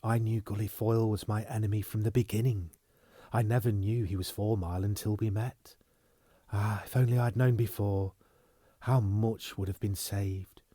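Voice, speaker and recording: A cool, guarded young heiress speaks in a soft hush, read by a man. The voice sits low and is recorded dry and close. It belongs to an audiobook reading. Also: steady tone, normal speed, dry recording, close to an everyday voice. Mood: earnest.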